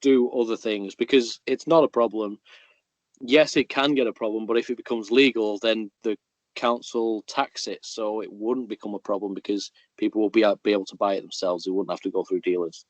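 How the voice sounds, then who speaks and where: A man's voice: lowish voice, steady tone, brisk, dry recording. A man co-hosting a podcast, giving blunt opinions in casual chat and swearing freely. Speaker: podcast co-host.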